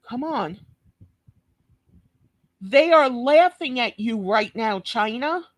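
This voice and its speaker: Slow, profane New York woman ranting. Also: on the high side, expressive, no room sound. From Brooklyn, New York. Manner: blunt, cursing, scolding rant. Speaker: reaction video host. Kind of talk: profane reaction commentary.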